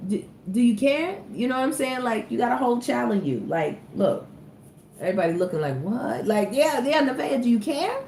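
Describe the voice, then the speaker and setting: A woman's voice: fairly low pitch, darkish tone. Chatty woman reading tarot, echoey room. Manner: chatty, talks straight to viewers, laughs often. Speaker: tarot reader. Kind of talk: casual tarot reading monologue. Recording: echoey room with faint ambient noise.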